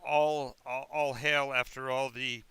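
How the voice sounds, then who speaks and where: A man playing a smooth-talking evasive town official. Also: mid-range voice, little pitch movement, slow pace, bright, forceful tone, dry recording. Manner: rambling, filler-heavy, falsely cheerful.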